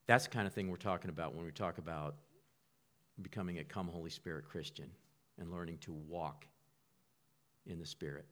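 A man's voice: sits low, steady tone, fairly quick, pauses often. A man preaching a sermon in a conversational way. He often repeats and restarts words and sometimes whispers a line to act out an inner voice. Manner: acts out inner voices, whispers a quiet prompt.

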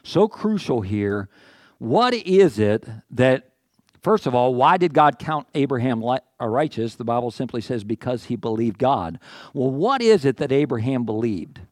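A pastor giving a sermon in a conversational way, with asides, restarts and questions to the congregation. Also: male voice, medium pitch, sing-song, moderate pace, a little mellow, no echo, clean studio sound.

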